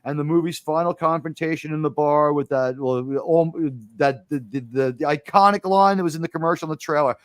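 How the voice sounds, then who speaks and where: A man's voice: on the high side, a little fast, few pauses, no echo. Dry-voiced man retelling movie scenes. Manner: animated storytelling, acting out movie lines; rambling with frequent fillers and restarts. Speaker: podcast host. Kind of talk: casual film discussion.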